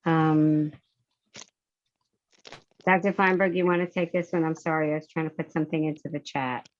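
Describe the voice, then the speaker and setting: A woman moderating a question-and-answer webinar, measured and soft-spoken. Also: low-pitched, steady tone, dull audio, a little hiss or hum.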